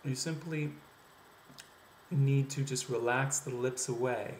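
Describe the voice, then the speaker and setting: A man's voice: medium pitch, steady tone, darkish tone, a little hiss or hum. Man explaining accent sounds, echoey room. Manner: explanatory, with frequent "um" pauses and demonstrations. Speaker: accent reduction coach. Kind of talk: instructional video lesson. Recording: echoey room, faint ambience.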